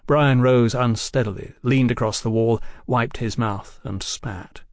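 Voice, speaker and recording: A man narrating an audiobook in an even, unhurried way. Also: mid-range voice, dry recording, clean studio sound. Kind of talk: scripted narration.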